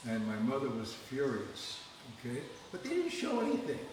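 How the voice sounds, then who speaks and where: A man's voice: medium pitch, wildly swooping pitch, normal speed. An older man in casual chat, telling rambling, joking anecdotes. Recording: echoey, distant with noise.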